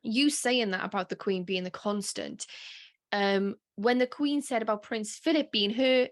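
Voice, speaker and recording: A woman's voice: medium pitch, measured pace. Woman podcast co-host, chatty and emotional, mid-range voice, casual talk. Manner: chatty and emotional, with frequent fillers and laughs.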